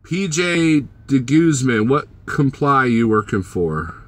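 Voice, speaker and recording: A man with a middle-pitched voice rambles through a casual live stream as a trucker. He reads the chat aloud, jokes with the viewers and teases them by name in a loose, easygoing way. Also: big pitch swings, slow pace, fairly bright tone.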